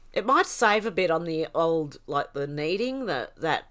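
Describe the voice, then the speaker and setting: A woman's voice: on the low side, animated, slow, fairly bright tone. A woman hosting a casual livestream, reading chat comments aloud and laughing often. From Australia.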